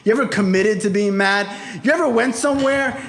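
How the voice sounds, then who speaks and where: A man's voice: high-pitched, a little fast. A young man speaking to a convention crowd about his recovery, telling stories animatedly and swearing often. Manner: animated, acts out quoted voices, frequent swearing. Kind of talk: storytelling speech at a convention. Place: convention hall before a crowd.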